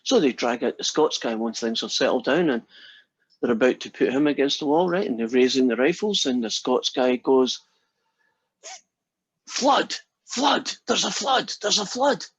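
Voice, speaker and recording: A man's voice: medium pitch, brisk, husky, no room sound, low-quality recording. A male math instructor lecturing casually and telling a long joke to his class in a chatty, storytelling way.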